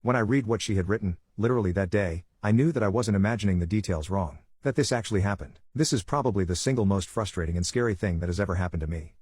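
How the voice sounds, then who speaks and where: A male narrator reads a first-person online story at a quick, steady clip. His voice sits somewhat low and sounds husky. The sound is dry and close. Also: dry recording.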